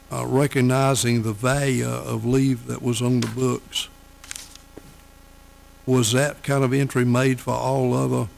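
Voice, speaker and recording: A man presenting finance committee items at a county council meeting, talking haltingly with many fillers. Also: mid-range voice, gravelly, low-quality recording.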